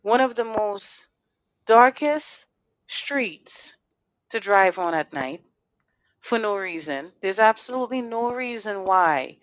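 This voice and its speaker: A woman's voice: medium pitch, lively intonation, slow, no echo, dull audio. A woman hosting a casual podcast, talking in a heated, blunt and profane way, firing off rhetorical questions. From Connecticut. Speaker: podcast host.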